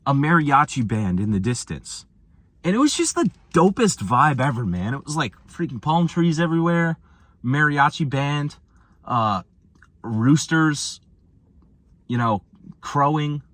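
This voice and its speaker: A young American man telling travel stories and ranting about boredom in a loose, slangy vlog style. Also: dry recording. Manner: animated, slangy, swings from low mumbles to high exclamations. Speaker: vlogger. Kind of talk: casual storytelling rant.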